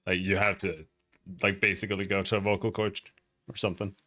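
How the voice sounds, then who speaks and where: A man's voice: deep voice, flat delivery, brisk, pushed and bright. A young man with a Swedish accent, chatting casually and rambling on a gaming livestream, swearing now and then. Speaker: streamer.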